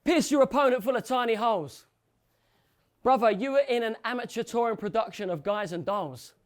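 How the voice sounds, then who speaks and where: A man's voice: extremely high pitch, brisk. A man delivering joking, mocking rap battle verses at a live event, laughing at his own lines. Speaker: battle rapper.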